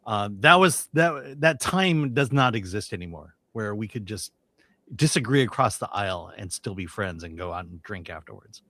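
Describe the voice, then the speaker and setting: A man on a film-talk panel speaking in a reflective, expressive way. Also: lowish voice, moderate pace. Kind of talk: casual panel chat.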